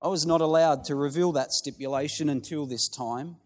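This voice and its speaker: A man voicing a persistent male auctioneer who keeps calling for bids in a measured, insistent way. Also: a little high, natural voice. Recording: long hall reverb with soft music.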